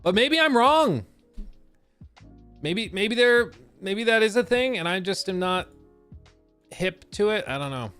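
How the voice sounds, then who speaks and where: Man, live-stream host, lively pitch, sarcastic rant, basement desk, faint guitar music behind. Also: measured pace, pauses often, clear, resonant tone. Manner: animated, sarcastic ranting with mocking quoted voices. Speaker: livestream host. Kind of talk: casual live-stream chat. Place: basement room at his desk.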